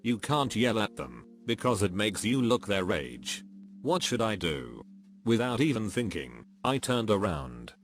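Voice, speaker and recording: Male narrator, lower register, expressive lively read of short anecdotes, soft music bed behind. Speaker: narrator reading online posts. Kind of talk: scripted narration.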